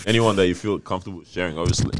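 A man's voice: low-pitched, racing, noisy background. A man in his twenties co-hosting a casual podcast, slangy and playful, calling friends "bro". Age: 20s. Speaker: podcast co-host. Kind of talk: casual group chat.

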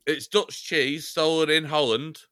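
A man from Chester co-hosts a podcast in loose, joking banter, wandering off on tangents and swearing now and then. His voice is bright and forward. The sound is dry and close, with no room in it. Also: on the high side, steady tone, unhurried, no echo. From Chester, England. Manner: rambling, jokey, swears casually. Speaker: podcast co-host. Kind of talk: casual banter.

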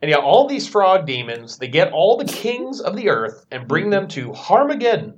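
Guy cohosting a podcast, kinda high voice, super lively, sarcastic jokey vibe. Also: normal speed, lo-fi sound. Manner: wry, sarcastic joking. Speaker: podcast co-host. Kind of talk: casual comedic chat about scripture.

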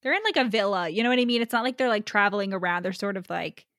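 Woman, candid swearing podcast co-host, mid pitch, dry close recording. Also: quick pace, fairly bright tone, no echo. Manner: loose and candid, swears casually, filler-heavy. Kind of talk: casual book chat.

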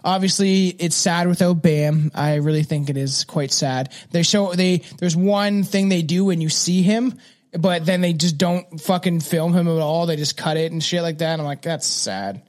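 A man hosts a podcast in loose, rambling chat, full of slang and swearing. His voice sits fairly high for a man and his manner stays laid back. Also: steady tone, moderate pace, darkish tone. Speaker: podcast host.

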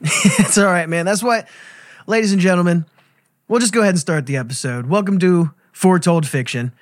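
A man's voice: sits high, a little fast, dry recording, studio quality. A man hosting a comedy podcast, easygoing and playing along with his drunk guests. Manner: laid-back, easygoing, plays along. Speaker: host.

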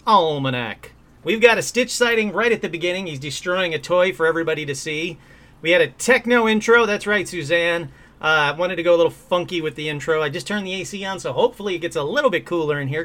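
High, lively chatty male host. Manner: chatty and upbeat, many ums and uhs. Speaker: host of a paranormal call-in show. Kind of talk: casual live-stream chat. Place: indoor room at home.

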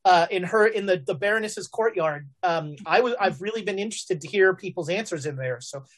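A woman's voice: on the low side, animated, a little fast. Woman, game master, casual joking host patter, filler-heavy. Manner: chatty, joking, many fillers. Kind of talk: casual stream announcements.

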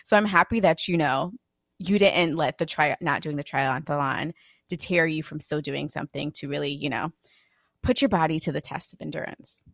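A woman's voice: deep voice, moderate pace, vocal fry, fairly bright tone, dry recording, clean studio sound. A woman co-hosting a podcast in casual chat, teasing and playful, laughing often. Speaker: podcast co-host.

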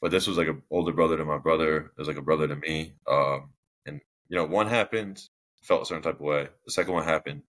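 A man's voice: a bass voice, fairly even intonation, fast, fairly bright tone. A young man speaking as a podcast guest, telling his story in a casual, rambling way with many fillers and restarts. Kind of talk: candid personal storytelling.

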